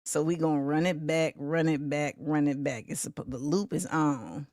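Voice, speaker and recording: A woman in her forties hosting a livestream talk show, chatting animatedly and breaking into sing-song shout-outs to the chat. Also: low-pitched, fairly even intonation, normal speed, no echo, studio quality. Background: faint music.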